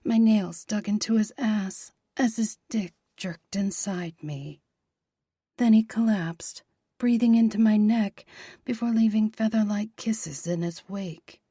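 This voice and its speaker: A woman narrating a romance audiobook in a soft, breathy, half-whispered voice. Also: medium pitch, takes it slowly, dry recording, clean studio sound.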